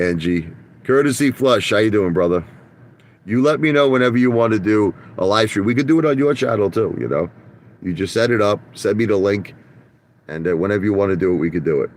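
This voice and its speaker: A man's voice: on the low side, a little fast. A middle-aged man talking to his viewers from his parked car in a casual, profane monologue full of restarts and tangents. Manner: blunt, profane storyteller with many restarts. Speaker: vlogger.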